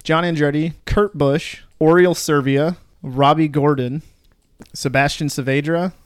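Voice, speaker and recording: Man, podcast host, trivia quizmaster, smooth, dry close sound. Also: fairly high pitch, fairly even intonation, no echo. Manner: upbeat, quizmaster, quick asides. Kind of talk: casual chat.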